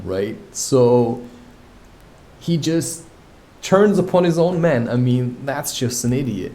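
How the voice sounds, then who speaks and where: A man's voice: mid-range voice, animated, slow pace, warm tone. A man reading a classic novel aloud, breaking off now and then for wry, offhand comments. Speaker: audiobook reader.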